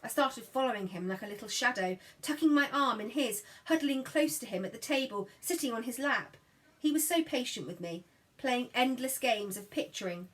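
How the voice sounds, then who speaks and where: A woman reading a children's novel aloud in scripted narration, giving the dialogue lively voices. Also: on the high side, moderate pace, rough recording. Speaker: audiobook reader.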